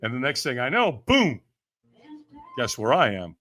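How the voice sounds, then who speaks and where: A measured pace and a slightly bright, medium-pitched voice with big pitch swings mark this male podcast guest. He tells his story with plenty of energy, performs the voices of those he quotes, laughs frequently and keeps using "man" and "right?".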